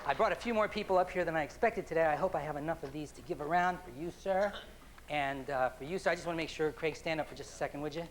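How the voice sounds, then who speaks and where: A man performing as a stage hypnotist, moving from upbeat showman banter to slow, soothing hypnotic suggestions on stage. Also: on the high side, slight background noise. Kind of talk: live hypnosis stage show. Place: stage before a live audience. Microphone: handheld microphone. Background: audience laughter and applause.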